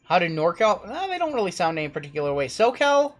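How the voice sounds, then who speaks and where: A man's voice: fairly high pitch, wildly swooping pitch, racing. Chatty man hosting a live stream. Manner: chatty, rattles off lists of names and teams, reads chat aloud. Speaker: host of a live card-break stream. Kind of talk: casual live-stream commentary.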